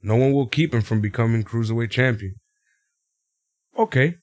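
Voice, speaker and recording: Laughing frequently, this animated man co-hosts a podcast and casually runs through a wrestling show at normal speed. The studio-quality audio has no echo, and he acts out quotes in high voices.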